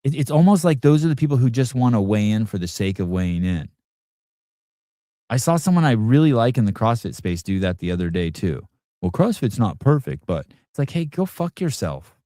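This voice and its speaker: Low, dry-voiced man ranting profanely. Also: animated, brisk, dark tone, dry recording. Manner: talks straight to his audience and producer. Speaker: podcast host. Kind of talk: reaction commentary, casual rant.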